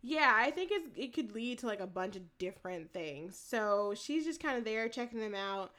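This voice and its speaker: A woman with a bright, fairly high voice chats loosely as a co-host. She recaps a show with a lot of laughing, swearing and acted-out lines. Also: normal speed. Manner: animated, laughing, profane storytelling. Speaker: podcast co-host. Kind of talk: casual recap chat.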